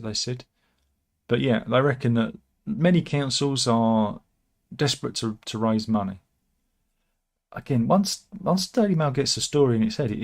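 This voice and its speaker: A man rambles through the day's headlines in a loose, wry way. He breaks off for asides and corrects himself as he goes. His voice sits at an ordinary middle pitch. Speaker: host of a satirical news channel. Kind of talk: casual commentary on news stories.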